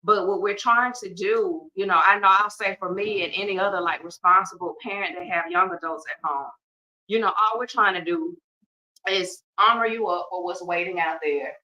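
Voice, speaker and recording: A woman's voice: fairly low pitch, moderate pace, pushed and bright, far from the mic, rough recording. A middle-aged woman hosting a podcast, talking casually and emphatically with joking asides. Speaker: podcast host. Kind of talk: casual heartfelt talk.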